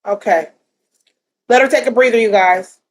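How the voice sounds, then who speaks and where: A woman hosting a talk show, repeatedly reassuring and calming her guest. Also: fairly high pitch, normal speed. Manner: soothing, reassuring, repetitive. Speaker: host.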